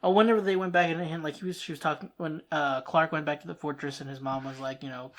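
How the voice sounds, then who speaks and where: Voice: medium pitch, steady tone, fast talker. A host giving casual reaction commentary on a TV episode, rambling through thoughts with many restarts and frequent laughs.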